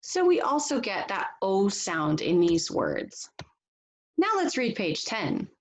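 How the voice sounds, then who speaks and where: A woman teacher giving a read-aloud phonics lesson, reading slowly and deliberately and laughing softly now and then. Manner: slow, deliberate reading with lively pitch and soft laughs.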